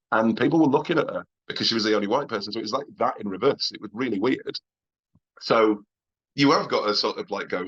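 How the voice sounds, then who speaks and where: A Northern English man with a low, husky voice spins anecdotes as a podcast guest. He swears bluntly, laughs between points and stumbles into restarts. The recording sounds dull and lo-fi. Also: a bit bright. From England. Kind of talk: casual interview storytelling.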